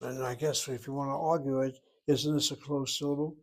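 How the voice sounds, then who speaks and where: A man's voice: medium pitch, flat delivery, brisk. An older man giving a methodical Hebrew grammar lecture, explaining each point step by step. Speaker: Hebrew teacher.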